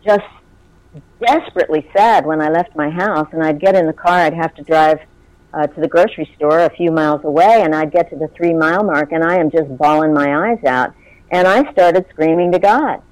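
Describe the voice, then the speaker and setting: A woman in her sixties, a guest telling personal stories in a heartfelt, halting way with many fillers. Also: low voice, a little mellow, dry recording, poor audio. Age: 60s. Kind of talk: personal storytelling in conversation.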